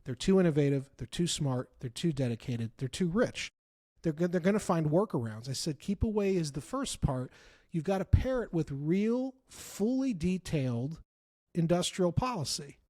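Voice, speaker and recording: A man talking politics as a guest in a casual conversation, telling stories with emphatic repeats and bursts of loud laughter. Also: fairly high pitch, moderate pace. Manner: animated storyteller, laughs loudly, repeats for emphasis. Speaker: author and guest.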